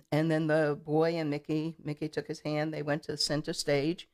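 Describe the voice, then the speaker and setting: A woman's voice: low-pitched, completely flat delivery, moderate pace. Chatty middle-aged woman telling stories. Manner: warm storyteller, repeats words, many fillers. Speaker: political candidate, guest. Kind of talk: casual interview storytelling. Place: studio.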